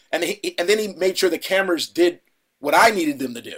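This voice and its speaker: A middle-aged man talks loosely in an interview, circling back with fillers and restarts. He tells stories from his acting work and sometimes breaks into a loud impression of a director. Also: sits high, expressive, a little fast, slightly rough. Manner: rambling, many restarts, acts out a shouting director. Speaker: actor guest. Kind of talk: casual interview anecdote.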